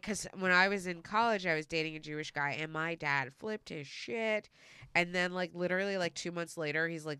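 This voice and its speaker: Chatty host with a smooth, bright voice. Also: female voice, low-pitched, no room sound, studio quality. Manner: chatty, many "like" fillers. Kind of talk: casual chat.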